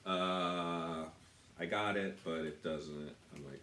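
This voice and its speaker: An American tattoo artist with a low, steady, sharp voice speaks slowly as he shows the supplies in his shop. He rambles, swears a lot, and pokes fun at himself in this casual product walkthrough. The room is echoey, with a little hiss or hum.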